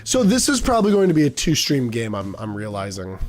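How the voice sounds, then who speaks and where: A man's voice: medium pitch, huge pitch swings, brisk, hardly any pauses, soft background music. Man rambling through gameplay commentary. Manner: rambling, joking asides. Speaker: streamer.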